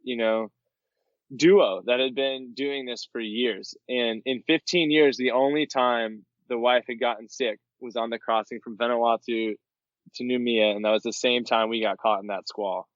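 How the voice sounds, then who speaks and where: A man from Florida, a podcast guest, telling travel stories in a lively way and acting out the people he quotes. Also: moderate pace, dry recording. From Florida, USA. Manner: animated storyteller, acts out quoted people in a higher voice. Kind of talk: storytelling interview. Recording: dull, dry podcast mic.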